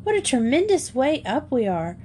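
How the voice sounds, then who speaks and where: A woman's voice: high voice, big pitch swings, normal speed, mellow, a little hiss or hum, voice pushed up. A woman voicing an irrepressible English schoolgirl, breezy and forthright. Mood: chirpy.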